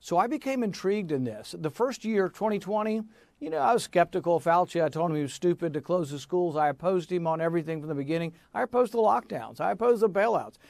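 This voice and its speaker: Interview guest: man, fairly high pitch, animated and emphatic, dry close-miked sound. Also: quick pace, vocal fry, dry recording. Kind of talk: interview answer.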